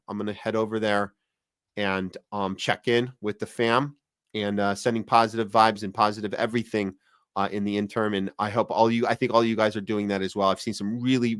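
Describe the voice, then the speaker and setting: A man's voice: lowish voice, a bit bright, clear, resonant tone, no room sound, clean studio sound. A man hosting a live podcast, chatting casually and sarcastically while reading viewer comments. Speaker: podcast host.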